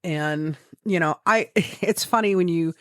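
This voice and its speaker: A woman's voice: on the low side, measured pace, no echo, clean studio sound. A woman co-hosting a podcast, telling gaming stories in casual chat, swearing freely and acting out her own quoted thoughts, from the American Midwest. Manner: swears freely, animated storytelling with quoted asides. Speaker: podcast co-host.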